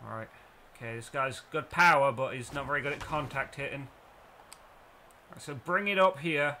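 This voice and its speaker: Brief: young man, let's-play commentator, bright high voice, faint hiss on the mic. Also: normal speed, long pauses. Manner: excitable, swings into shouting at plays. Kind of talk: live gameplay commentary.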